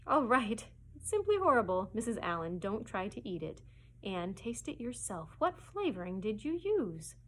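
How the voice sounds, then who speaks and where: A woman's voice: medium pitch, sing-song, slightly rough. Woman doing stern old Marilla. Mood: aghast. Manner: brisk, scolding. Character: stern, sharp-tongued older spinster guardian.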